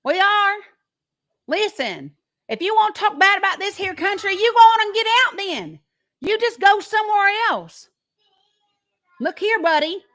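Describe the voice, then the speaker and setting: Woman doing a scornful Southern patriot: high, drawling, twangy, defensive. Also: sing-song, a little slow, pauses often, a bit bright, full character voice. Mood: smug. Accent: Southern American.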